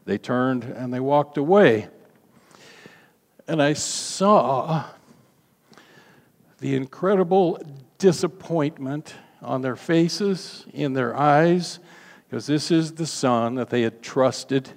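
Older guy preaching, earnest storytelling, slows way down on key bits, big echoey hall. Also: mid-range voice. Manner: earnest storytelling, slows for emphasis, acts out quoted voices. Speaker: pastor. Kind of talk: sermon with personal testimony. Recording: long hall reverb.

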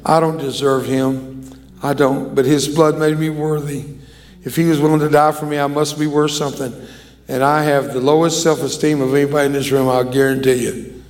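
A man's voice: fairly high pitch, little pitch movement, moderate pace, a little mellow. An older man preaching a sermon as an evangelist, emphatic and drawing the congregation into call-and-response.

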